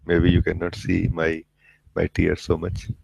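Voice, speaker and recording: A man with a very deep, flat voice gives a gentle spiritual talk. He speaks slowly and haltingly, pausing often and filling gaps with soft fillers. The sound is dry and close, as on a video call. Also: gravelly, breathy edge, no room sound, low-quality recording. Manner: slow, gentle, halting, with many pauses and fillers. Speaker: spiritual teacher. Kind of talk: satsang talk.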